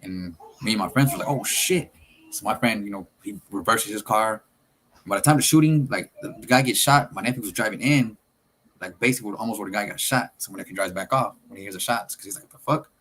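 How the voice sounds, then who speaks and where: A man's voice: lowish voice, fast talker, fairly bright tone, a little hiss or hum. A man telling a story casually, in loose, streetwise talk that swears and acts out what people said.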